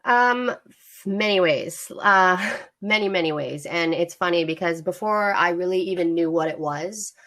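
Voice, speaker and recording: A woman's voice: on the low side, unhurried, a bit bright. A woman co-hosting a casual podcast, chatty and open, laughing often and using many fillers. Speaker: podcast co-host.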